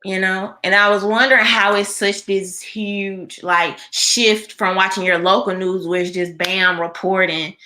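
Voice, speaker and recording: Woman, young adult, live-stream host, unhurried, crisp bright tone, chatty with fillers. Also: medium pitch, fairly even intonation. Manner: chatty, lots of fillers, reads viewer comments aloud. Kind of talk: casual live-stream chat with viewers.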